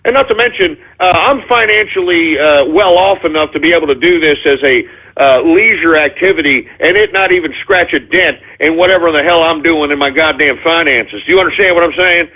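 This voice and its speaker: A man's voice: fairly high pitch, a little fast, hardly any pauses. A male radio show host in a ranting talk monologue, agitated and sarcastic, swearing as he goes. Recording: phone-like call-in radio audio.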